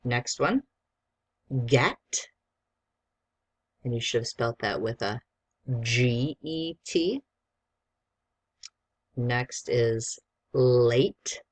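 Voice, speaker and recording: A teacher giving a spelling dictation lesson, spelling each word out letter by letter in a patient, encouraging way. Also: mid-range voice. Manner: slow, deliberate dictation, spelling words out letter by letter; encouraging, patient instructions to a young student.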